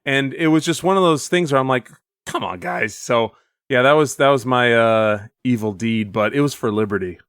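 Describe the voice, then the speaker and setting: A man's voice: medium pitch, moderate pace, a bit bright, clear, resonant tone, no echo, clean studio sound. A man co-hosting a casual gaming podcast, rambling through a story with restarts and laughs. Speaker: podcast co-host.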